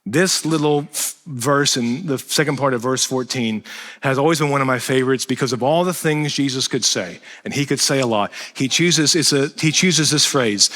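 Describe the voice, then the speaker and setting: A man preaching a sermon as pastor, animated and self-deprecating, swinging between loud emphasis and quiet asides. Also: medium pitch, normal speed. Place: church sanctuary. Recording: reverberant church hall.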